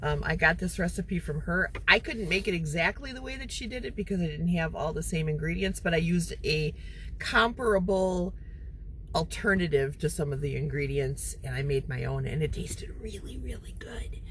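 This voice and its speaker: A woman's voice: fairly low pitch, normal speed, slight background noise, poor audio. A woman chatting casually in a vlog, emotional and rambling with lots of fillers. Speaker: vlogger.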